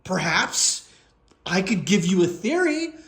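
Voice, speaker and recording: A sarcastic man in his forties talks through casual commentary, often mimicking others with whiny put-on voices. His voice sits high, and his pitch swings widely from phrase to phrase. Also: big pitch swings, slow, fairly bright tone. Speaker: political commentator.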